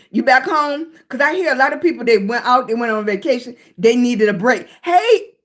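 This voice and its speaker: High-voiced affectionate woman streaming. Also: expressive, normal speed. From Virginia, US. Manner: affectionate, greets viewers as baby and sweetie. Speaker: live streamer. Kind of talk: casual livestream chat to viewers.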